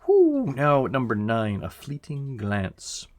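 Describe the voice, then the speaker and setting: A man giving a casual, reflective album review, unhurried and full of fillers, swearing now and then. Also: medium pitch, wildly swooping pitch. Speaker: music reviewer.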